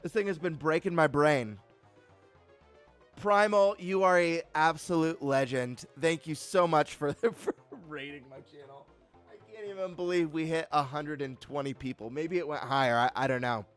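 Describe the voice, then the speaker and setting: A man hosting a live stream, chatting casually and greeting viewers with excited energy. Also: fairly high pitch, normal speed, soft background music.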